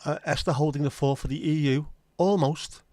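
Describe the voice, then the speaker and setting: A man's voice: on the high side, fairly quick, darkish tone, no room sound. A man with a Scouse accent, hosting a livestream in casual, blunt, sweary banter with his viewers. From Liverpool, England. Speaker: livestream host.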